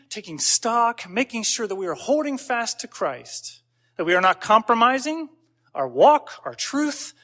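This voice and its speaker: A man's voice: high-pitched, a bit bright. A man pastor giving a conversational sermon, telling stories with casual asides and building to emphatic points.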